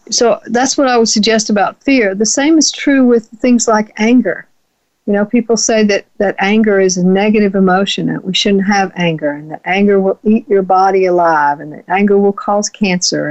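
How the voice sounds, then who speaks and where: Woman radio host, reflective spiritual talk, slow searching delivery, slightly dull lo-fi sound. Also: medium pitch, creaky, darkish tone. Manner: slow, searching, repeats words and restarts.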